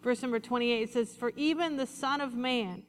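A woman pastor preaching a sermon, leading the congregation in call-and-response and slowing down for emphasis. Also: a little high, a little hiss or hum. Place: church sanctuary. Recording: reverberant hall.

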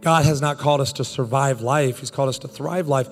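A man in his thirties preaching a sermon, telling a funny story in animated, joking bursts. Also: mid-range voice, fairly quick, in a large hall, faint music behind. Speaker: pastor.

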